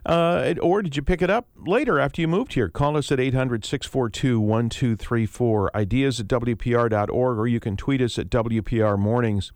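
A man's voice: medium pitch, moderate pace, hardly any pauses, no room sound, studio quality. A man hosting a call-in radio talk show, chatting easily with a guest and inviting listeners to call. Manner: friendly, conversational, asks listeners questions. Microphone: studio microphone.

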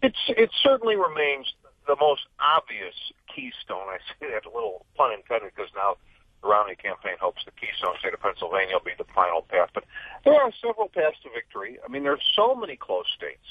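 Husky middle-aged man on a tinny phone line. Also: fairly low pitch, big pitch swings, fairly quick, dry recording. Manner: fluent but full of restarts and "I mean". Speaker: political correspondent guest. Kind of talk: explanatory interview answers. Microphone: telephone line.

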